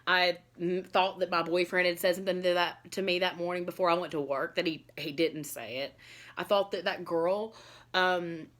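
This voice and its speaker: A woman's voice: fairly low pitch, steady tone, normal speed, a bit bright. Casual woman vlogger, earnest confessional storytelling, loose and rambling, lots of fillers. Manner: rambling, filled with "like" and "you know". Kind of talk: candid personal storytelling to camera.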